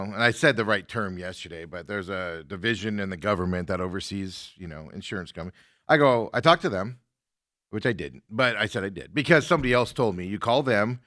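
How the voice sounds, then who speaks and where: A man's voice: fairly low pitch, no echo, studio quality. A man hosting a talk show, telling a story in casual chat and acting out his own side of a phone argument with an indignant edge. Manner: animated, indignant retelling with quoted exchanges.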